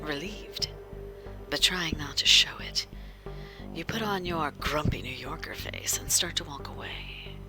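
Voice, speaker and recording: A woman game master giving whispered role-play narration in hushed, suspenseful tones and talking with her viewers. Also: low-pitched, animated, unhurried. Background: music.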